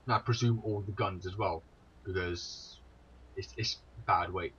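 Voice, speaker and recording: A man's voice: sits low, fairly even intonation, measured pace, fairly bright tone, a little hiss or hum. A tired young man giving a rambling, sweary commentary on wartime history, with exasperated asides. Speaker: video creator. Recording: dull lo-fi home recording, faint ambience.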